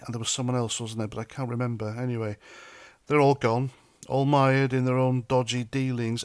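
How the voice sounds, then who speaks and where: Man from Britain, political commentator, mocking and sarcastic, mid pitch, dead dry sound. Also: dry recording.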